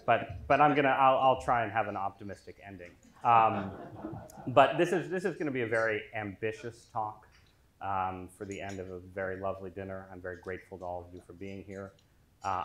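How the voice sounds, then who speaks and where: A man giving an after-dinner lecture to a dinner crowd, joking at his own expense and leaning on ums. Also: on the low side. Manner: self-deprecating, joking, with filler ums. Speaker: featured dinner speaker. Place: large dining hall. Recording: echoey hall with faint noise.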